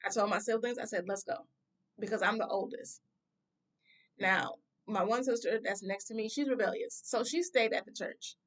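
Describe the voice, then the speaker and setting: A woman's voice: mid-range voice, moderate pace. A woman telling a personal story time, talking bluntly and emphatically in a conversational way.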